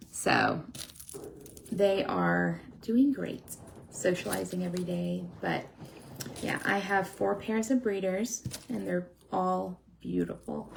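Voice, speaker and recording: A woman's voice: fairly low pitch, creaky, a little hiss or hum. A woman hosting a casual live stream from home, chatting with her viewers while she builds a pet toy. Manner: chatty, talks to her viewers and scolds her dogs. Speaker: sugar glider breeder and live stream host.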